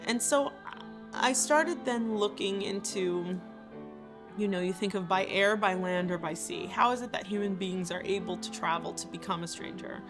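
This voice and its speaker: A woman's voice: medium pitch, moderate pace, over music. A woman composer and theater maker talking about her work in a thoughtful, earnest way. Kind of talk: reflective interview talk.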